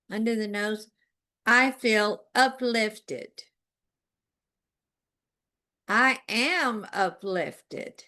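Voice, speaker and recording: A woman leading a guided tapping session, giving calm instructions and repeating affirmations with soft music behind her. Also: a little high. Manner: slow, directive coaching with spoken affirmations.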